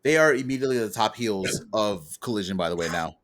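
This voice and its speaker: A man's voice: on the low side, lively intonation, fast talker, fairly bright tone. A man co-hosting a podcast, casually recapping a wrestling show in rambling detail. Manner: rambling storyteller, acts out quotes from the show. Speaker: podcast co-host.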